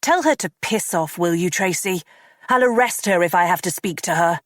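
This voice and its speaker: A woman's voice: on the low side, animated, normal speed, no echo, studio quality, lightly acted. A woman narrator voicing a tense, curt female detective inspector. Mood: irritated. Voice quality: curt, irritable.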